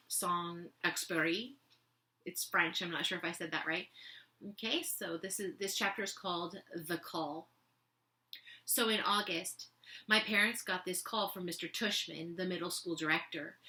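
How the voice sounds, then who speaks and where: A woman's voice: fairly low pitch, pushed and bright. A woman reading a children's novel aloud to listeners, with casual, chatty asides between passages.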